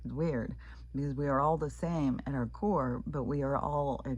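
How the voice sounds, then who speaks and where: A woman with a strikingly deep, husky voice talks through a loose, profane vlog monologue. She wanders from point to point, leaning on fillers and curse words. The sound is dry and close, with no room around it. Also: mellow, no echo. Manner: profane, rambling, frequent fillers. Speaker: vlogger. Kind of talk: casual rambling monologue.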